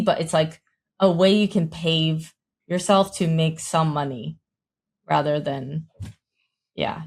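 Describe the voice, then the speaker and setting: A young woman co-hosting a podcast, speaking thoughtfully and hesitantly, often restarting her sentences. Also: low voice. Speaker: podcast co-host, content creator. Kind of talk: casual podcast chat.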